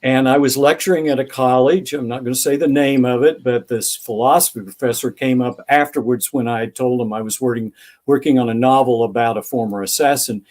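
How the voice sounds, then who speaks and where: An older man, an author guest in an interview, answers thoughtfully with anecdotes and acts out remembered dialogue. His mid-range voice is steady in tone, a little fast, and slightly mellow.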